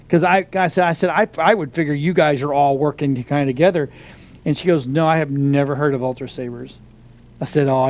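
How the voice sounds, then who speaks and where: A man's voice: mid-range voice, a little mellow. A middle-aged man co-hosting a casual chat show, telling a long story with many restarts and fillers. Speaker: podcast co-host.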